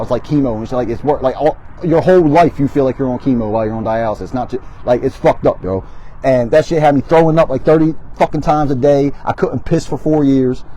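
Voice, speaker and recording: A man's voice: on the high side, warm tone, slight background noise, rough recording. A man, telling his story as a guest in an interview, blunt and heavily profane. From Baltimore, Maryland. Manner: blunt, heavily profane, emphatic street talk.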